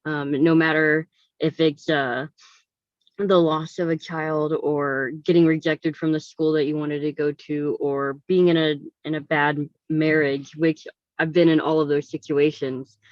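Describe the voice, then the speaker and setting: A woman's voice: low-pitched, flat delivery, measured pace, no echo, lo-fi sound. A woman co-author sharing her story on a video call, hesitant with many fillers and holding back tears. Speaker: book co-author.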